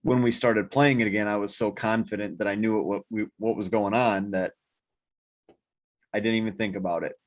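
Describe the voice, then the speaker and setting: A man's voice: fairly low pitch, steady tone, a little fast. A man in a casual board game discussion, sleepy after a long day, explaining rules steadily. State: sleepy, yawning. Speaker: board game group member.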